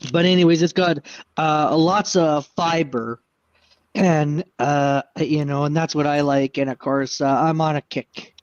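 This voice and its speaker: A man's voice: a little high, steady tone, unhurried. A man in a casual livestream chat, rambling and hesitant, filling his talk with lots of "uh" and "like". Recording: dull lo-fi stream audio.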